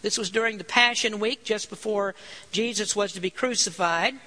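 A man's voice: high voice, moderate pace, pushed and bright, poor audio. A man preaching a sermon, earnest, reading scripture aloud and stressing key points.

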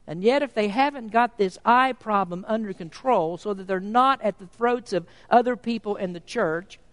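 An emphatic preacher at mid pitch, pressing points home with rhetorical questions. The voice rings out with a long reverb, as if recorded in a large hall. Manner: reads scripture in old-fashioned wording. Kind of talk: sermon.

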